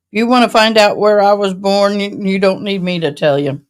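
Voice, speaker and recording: A woman's voice: mid-range voice, normal speed. A woman in her forties with a Southern accent from Tennessee and Texas, hosting a casual live stream and chatting with viewers by name in a folksy way. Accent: mixed East Tennessee and Texas Southern. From Tennessee, raised in Texas. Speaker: livestream host.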